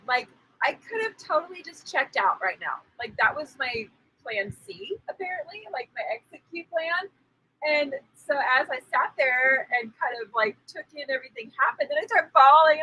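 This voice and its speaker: A woman telling a story in casual conversation as a spiritual teacher co-hosting a live stream, animated and laughing as she acts out the people in it. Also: extremely high pitch, moderate pace, rough recording. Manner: animated, acts out quoted voices, laughs often.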